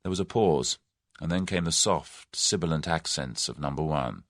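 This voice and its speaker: A man's voice: very deep voice, moderate pace, dry recording, clean studio sound. A man narrating an audiobook with dramatic storytelling. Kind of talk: scripted narration.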